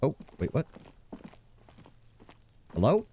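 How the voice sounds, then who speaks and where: A man's voice: takes it slowly, warm tone. Sardonic, profane male streamer. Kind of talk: casual gameplay commentary and reading.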